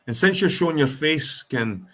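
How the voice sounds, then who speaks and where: Hosting a livestream, a Scottish man rants bluntly and swears a lot while chatting casually with viewers. His voice is a little high and fairly bright, expressive, and moves at a moderate pace.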